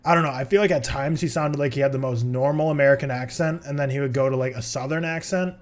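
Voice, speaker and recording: A man's voice: mid-range voice, fast talker. A man co-hosting a podcast, giving a casual film review in a rambling way with many filler words. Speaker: podcast co-host.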